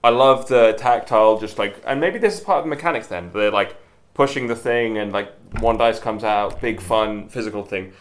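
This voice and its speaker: A man co-hosting a podcast chats eagerly about a game, with a slightly low voice. He fills his talk with "like" and "um" as he goes. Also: moderate pace. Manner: enthusiastic, lots of filler likes. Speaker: podcast co-host. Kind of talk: casual chat.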